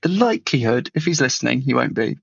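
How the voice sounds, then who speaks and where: A man co-hosts a podcast, spinning animated, mocking anecdotes. His voice is gravelly with a lot of fry. The sound is dry and a little dull, like a basic podcast mic. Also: medium pitch, fast, no echo. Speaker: podcast co-host. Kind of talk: casual storytelling chat.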